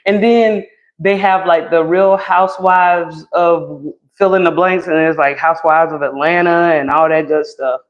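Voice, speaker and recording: A woman's voice: lowish voice, fairly even intonation, a little slow, muffled recording. A woman hosting a casual live stream from home, chatting with her viewers and her baby and laughing often. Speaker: livestream host.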